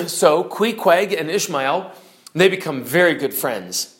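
A male teacher animatedly retelling a classic novel's story to his class, pausing to explain terms. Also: fairly high pitch, expressive, a bit bright.

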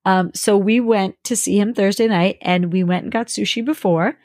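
A woman co-hosting a podcast, telling stories in a relaxed, casual way. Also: medium pitch, moderate pace, no room sound, studio quality. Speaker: podcast co-host. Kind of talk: casual chat.

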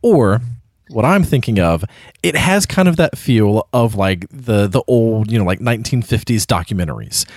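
An animated man talking about classic films with a pitch that swings up and down freely. He jokes around as he talks, recorded close and dry on a podcast mic. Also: normal speed, dry recording. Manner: animated, joking, puts on mock narrator voices. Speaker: podcast co-host. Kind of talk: casual film discussion.

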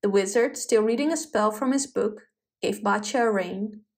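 A woman narrating a folk tale in an expressive, dramatic storybook style. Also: mid-range voice, normal speed.

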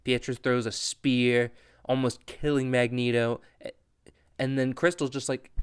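A man's voice: medium pitch, level tone, measured pace, clear, resonant tone, dry recording, studio quality. A man hosting a podcast, recapping a comic story in a chatty, wry way. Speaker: podcast host. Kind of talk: casual comic book recap.

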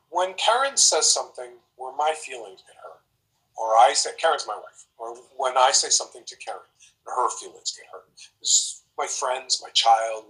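A man giving relationship advice in a casual, animated way, acting out example conversations as he explains. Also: mid-range voice, rough recording. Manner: animated, acts out example dialogues.

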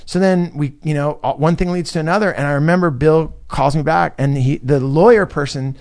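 A man's voice: a little high, brisk, hardly any pauses. A man from California, a comedian, telling a long casual story in a podcast chat and acting out his friends' lines. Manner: animated, acts out quoted friends, swears freely.

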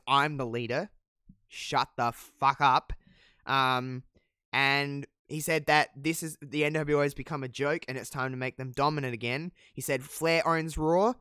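In a mid-range, clear, resonant voice that's a bit bright, a man recaps a wrestling show for his podcast, speaking a little fast with hardly any pauses. The casual conversation is chatty, profane, and loaded with fillers, and he laughs at his own jokes. The clean studio sound has no echo.

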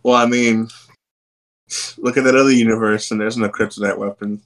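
A man's voice: on the low side, fairly even intonation, fairly quick, rough recording. A man on a casual podcast, sarcastic, cutting in with jokes and getting heated. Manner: sarcastic, jokey interjections, gets heated. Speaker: podcast co-host. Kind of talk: casual review chat.

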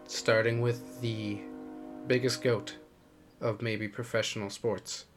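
A man's voice: on the low side, slow, soft background music. Laughing, rambling male podcast co-host. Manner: laughs often, rambling and animated. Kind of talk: casual sports chat.

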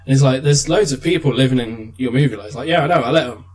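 A young man chatting casually, retelling a film with lively swearing and laughter. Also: medium pitch, quick pace, poor audio. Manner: animated storytelling with swearing and laughs. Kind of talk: casual chat.

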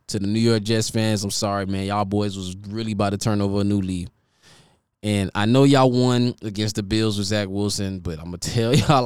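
Give me a man riffing on football with profane trash talk, his voice clear and dry. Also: on the low side, a little mellow, no echo. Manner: teasing and mocking rival fans. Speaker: sports commentator host. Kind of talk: casual football commentary monologue.

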